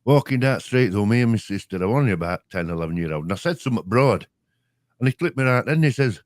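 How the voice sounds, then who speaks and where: A man's voice: mid-range voice, lively intonation, quick pace, no room sound. An older man with a Yorkshire accent, rambling through broad-dialect memories in casual chat as a show's co-host. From Yorkshire, England. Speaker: podcast co-host.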